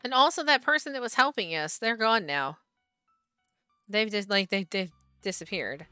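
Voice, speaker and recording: A woman's voice: mid-range voice, animated, normal speed, sharp tone, clear, resonant tone, no echo, clean studio sound, soft background music. A woman streamer playing a horror game, chatting, reading the on-screen text aloud, and talking back to the characters.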